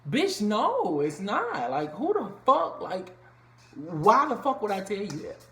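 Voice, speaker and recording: A man's voice: sits high, huge pitch swings, takes it slowly, a bit bright. A man giving a casual, blunt, profanity-filled rant reviewing a reality show from a room at home. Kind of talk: casual vlog commentary. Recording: echoey room, faint ambience.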